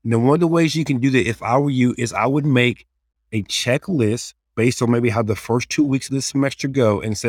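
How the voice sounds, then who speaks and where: A youth ministry leader offers earnest, practical advice on leading a small group in casual conversation, acting out quoted prayers and kids. His medium-pitched voice moves fairly quickly, recorded dry with clean studio sound.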